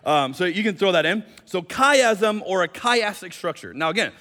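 A man's voice: high voice, lively intonation, moderate pace, pushed and bright, in a large hall. A male pastor preaching a sermon in a conversational, explanatory way with light jokes, speaking in a church sanctuary.

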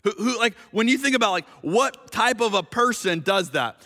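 A male pastor preaching a sermon in a conversational, animated way, reading scripture slowly and with emphasis. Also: high voice, in a large hall.

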